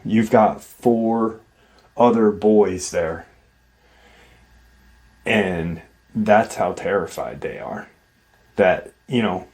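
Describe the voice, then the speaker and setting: A man's voice: fairly low pitch, a little mellow. A man hosting a paranormal channel, casually retelling an encounter story in a rambling, conversational way. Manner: rambling and conversational, many "like" and "you know".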